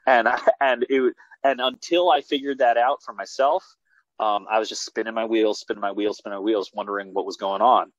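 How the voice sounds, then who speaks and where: Man, filmmaker guest, excited rambling with restarts, dull lo-fi video call audio, dry sound. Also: on the low side, fairly quick, dry recording. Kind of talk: casual interview talk.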